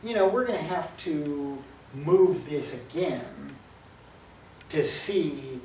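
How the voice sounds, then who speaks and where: A man teaching calculus in a lively, playful way, acting out little scenes and correcting himself as he works. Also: on the high side, slow. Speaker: math teacher. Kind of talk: calculus lecture at a board. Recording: roomy, distant mic, faint hum.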